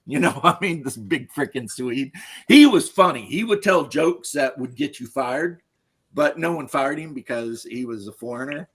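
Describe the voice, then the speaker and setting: A man's voice: medium pitch, lively intonation, normal speed, fairly bright tone, husky. A middle-aged man, a podcast host, giving his opinions in a blunt, crude, casual chat and laughing at his own stories.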